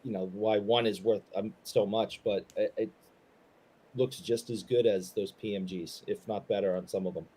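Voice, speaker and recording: A man co-hosting a casual live stream, telling stories in a relaxed, rambling way with many fillers and pauses. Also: fairly low pitch, slightly rough. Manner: easygoing, rambling with fillers, earnest. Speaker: co-host.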